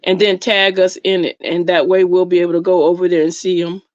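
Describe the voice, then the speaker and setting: A woman co-hosting a live stream, telling a funny story in an animated, folksy way. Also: lowish voice, fairly quick, no room sound, muffled recording. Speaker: co-host.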